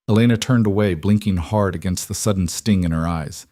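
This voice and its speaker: A man reading scripted audiobook narration in an even, descriptive storytelling manner. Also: sits low, a little fast, few pauses, no room sound, studio quality.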